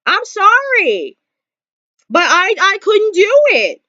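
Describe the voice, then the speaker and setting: A woman talking straight to camera in a casual commentary vlog, emphatic and animated, repeating her points. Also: very high-pitched, slow, no echo, dull audio. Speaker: vlogger.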